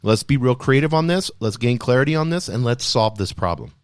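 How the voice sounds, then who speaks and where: A man hosting a podcast, speaking in an energetic, emphatic motivational style full of rhetorical questions. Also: mid-range voice, brisk, smooth, dry recording, clean studio sound. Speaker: podcast host. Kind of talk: motivational solo talk.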